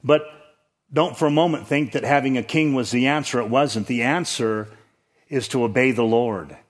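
A man with a mid-range voice preaches a sermon at normal speed as a pastor. He teaches through scripture conversationally, his voice lifting to emphasize key points.

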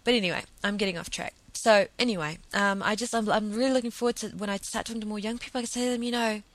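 A woman's voice: mid-range voice, fairly even intonation, racing, dry recording. Earnest woman podcaster, dry sound. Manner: earnest, repeats words while thinking aloud. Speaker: podcast host. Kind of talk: solo podcast monologue.

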